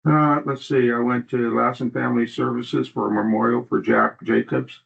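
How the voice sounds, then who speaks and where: A man with a heavily gravelly, creaky voice chairs a county board meeting. He is brisk and friendly, and the sound is thin and tinny, like a phone line. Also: medium pitch, flat delivery, a bit bright.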